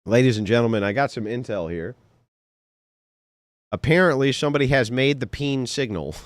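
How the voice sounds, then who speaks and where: A man's voice: mid-range voice, moderate pace, no room sound. A young man hosting a livestream, casually reacting to a clip, laughing a lot and swearing. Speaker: livestream host.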